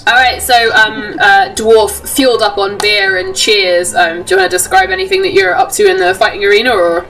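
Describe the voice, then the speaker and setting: A woman's voice: medium pitch, expressive, fairly quick, vocal fry, hardly any pauses, fairly bright tone, far from the mic, soft background music, poor audio. A woman running a tabletop game as game master, chatty and full of ums, heard from a little away from the mic. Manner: chatty, laughing often, many ums.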